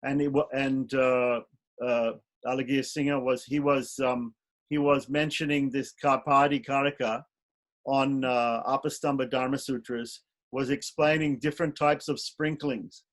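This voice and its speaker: A male student joining a class discussion at an average pitch. He puts his ideas forward tentatively, hedging and pausing as he searches for his words. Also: level tone. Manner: tentative, suggesting.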